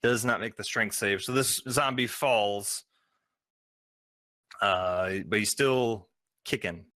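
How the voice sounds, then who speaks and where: A man serving as game master for a tabletop game narrates in a lowish, bright, forceful voice with no room sound. His delivery is halting and full of ums and uhs.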